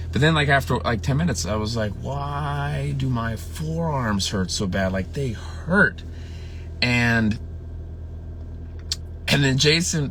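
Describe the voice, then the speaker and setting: A filmmaker recalls a late colleague during a casual livestream, rambling with lots of fillers and restarts and growing emotional at times. His voice is medium-pitched and fairly bright, with a little hiss or hum in the background.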